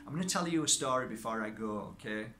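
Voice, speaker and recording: A man's voice: lowish voice, animated, fast talker, sharp tone, a little hiss or hum. A middle-aged man, a crystal energy healer, talking casually to viewers and telling a personal story, often checking in with "okay?". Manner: chatty, checks in with listeners.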